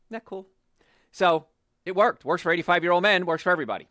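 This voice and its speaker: A doctor fronting a health talk show talks fast, and the recording is dry and studio-clean. His casual storytelling about patients is animated, with their quotes delivered in a lowered voice.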